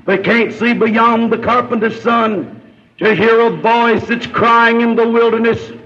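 A man's voice: very high voice, level tone, measured pace, a bit bright, highs cut off. A man preaching a revival sermon in a rhythmic, chanting cadence.

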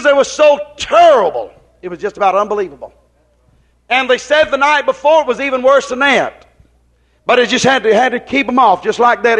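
High-voiced preacher. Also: male voice, a bit bright. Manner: folksy, rambling, drops into quoted dialogue; questions the congregation often. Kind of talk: sermon.

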